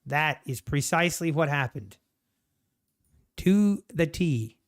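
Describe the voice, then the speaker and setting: Excitable man trading live on stream. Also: fairly high pitch, slow. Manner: excitable, jokey, exclaims at the screen. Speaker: day trader streaming live. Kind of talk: casual live commentary.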